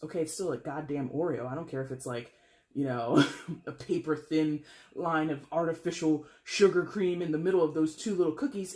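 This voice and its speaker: Blunt, animated tarot reader. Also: brisk. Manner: blunt and emphatic, laughs often and swears casually; animated, leaps in pitch for emphasis. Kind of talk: casual tarot reading monologue.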